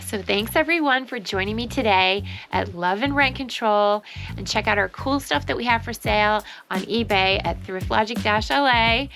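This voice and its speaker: A woman's voice: medium pitch, normal speed, a bit bright, faint music behind. A woman hosting a casual vlog about thrifted finds she resold, talking with enthusiasm and frequent exclamations.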